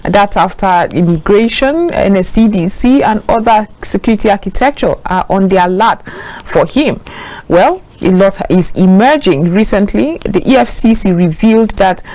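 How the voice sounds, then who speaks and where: A woman's voice: medium pitch, lively intonation, normal speed, a little mellow, rough recording. Nigerian woman anchor, earnest commentary. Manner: earnest, questioning, with frequent fillers. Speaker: news anchor. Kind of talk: opinionated news commentary.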